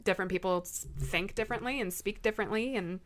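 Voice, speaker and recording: A woman's voice: medium pitch, quick pace. A young adult woman in casual chat as a podcast co-host, explaining writing tips with lots of "um"s.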